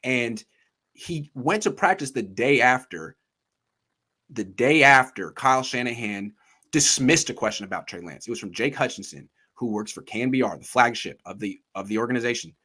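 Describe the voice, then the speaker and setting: A man hosting a casual sports talk show, animated and acting out quotes from others as he tells them. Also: medium pitch, normal speed, slightly rough. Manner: animated, acts out quotes in voices. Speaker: podcast host.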